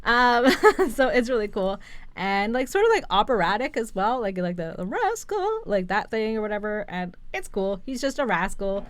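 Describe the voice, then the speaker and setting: A woman's voice: mid-range voice, animated, moderate pace, dry recording. A woman co-hosting a podcast, chatting casually about an album in an easygoing way with many fillers. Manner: easygoing, lots of "like" and "um". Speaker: podcast co-host. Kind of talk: casual album review chat.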